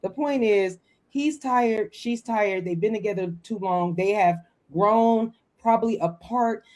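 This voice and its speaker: A woman hosting a casual chat recapping a reality show, animated and quick to act out quotes. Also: medium pitch. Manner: animated, acts out quotes, laughs often. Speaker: host.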